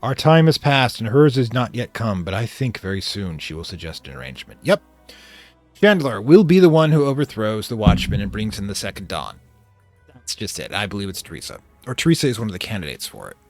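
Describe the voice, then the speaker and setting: A man's voice: lowish voice, big pitch swings, a little fast, darkish tone, no room sound, soft background music. Playful man narrating a game. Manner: playful, slips into mock-villain theatrics. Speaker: let's play host. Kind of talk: casual gameplay commentary.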